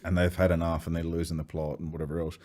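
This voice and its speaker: A man, telling swearing, animated anecdotes as a podcast guest. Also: low voice, quick pace. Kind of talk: casual storytelling chat.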